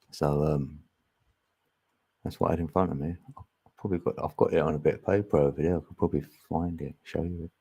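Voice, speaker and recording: A man's voice: low voice, gravelly, a little mellow, slightly rough. A man talking in a rambling, chatty livestream monologue, laughing often and thinking aloud. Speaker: livestream host.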